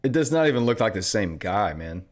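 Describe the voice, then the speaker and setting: A man's voice: lowish voice, sing-song, brisk. A man hosting a trading live stream, chatting casually and reading viewer comments in a rambling, offhand way. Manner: rambling, offhand, self-correcting.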